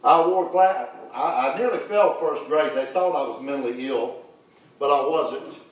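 Folksy preacher in echoey church. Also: male voice, mid-range voice, measured pace. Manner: folksy preaching with wide swings from hushed to loud. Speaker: pastor. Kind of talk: sermon. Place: church sanctuary. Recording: very echoey, from far off.

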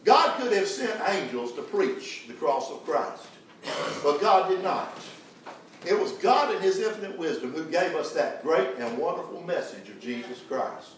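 A preacher man delivers a fervent sermon, calling out to his congregation for answers. His fairly high voice rings through a very echoey church hall. He is heard from a distance on the mic, with faint room noise behind him. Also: sing-song, moderate pace. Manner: fervent, calls for congregation responses. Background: congregation answering amen.

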